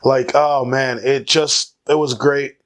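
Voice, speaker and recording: A man's voice: mid-range voice, steady tone, slow pace, fairly bright tone. A man giving casual solo commentary to camera, rambling with many fillers and jokey asides. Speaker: vlogger.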